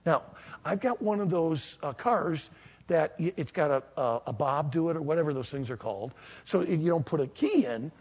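Animated raspy male preacher telling a story. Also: a little high, moderate pace. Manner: animated, self-mocking storyteller who shouts and laughs at the climax. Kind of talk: storytelling sermon. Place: hall with a live audience.

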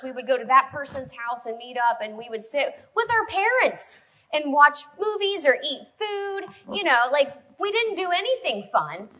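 Bright, lively woman preaching. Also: sits high, poor audio. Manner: conversational and storytelling, quick shifts in loudness. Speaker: preacher speaking to a women's group. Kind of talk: sermon.

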